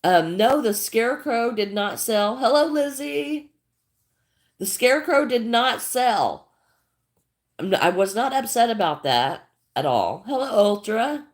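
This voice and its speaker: A woman's voice: fairly high pitch, sing-song, measured pace. An older woman chatting casually on her crafting livestream, greeting viewers by name and often repeating herself. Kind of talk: casual livestream chat while crocheting.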